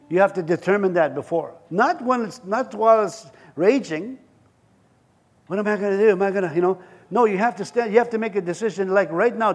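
A man preaching to his congregation with a high, bright voice. He moves between earnest encouragement and playful storytelling, acting out scenes and laughing along the way. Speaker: pastor. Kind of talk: sermon.

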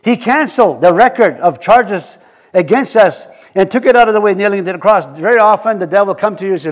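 A man's voice: high-pitched, animated, quick pace. A middle-aged man preaching a sermon in a conversational way, often repeating words and building to emphatic points.

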